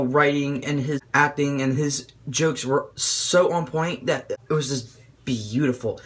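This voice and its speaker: A young man excitedly reviewing a movie in an informal, rambling way, swearing freely. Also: fairly high pitch, slightly rough. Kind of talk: casual video review.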